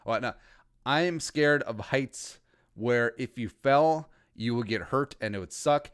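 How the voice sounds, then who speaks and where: A man's voice: medium pitch, slow pace, fairly bright tone, clear, resonant tone. A man in his thirties from Minnesota hosting a casual livestream podcast, rambling and joking with crude asides. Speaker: podcast host.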